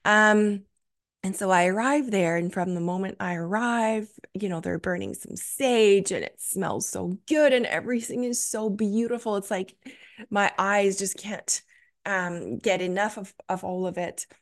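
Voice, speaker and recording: A woman's voice: medium pitch, a little slow. A young adult woman hosting a solo podcast, telling a story with gushing enthusiasm and many fillers. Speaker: podcast host.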